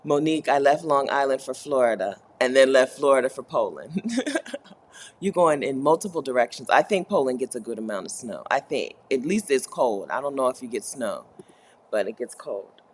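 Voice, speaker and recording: Extremely low in pitch and a little mellow, this woman's voice has lively intonation and a normal speed. Hosting a Caribbean co-working livestream, she reads chat messages aloud, chats playfully, laughs often, and lodges playful mock complaints.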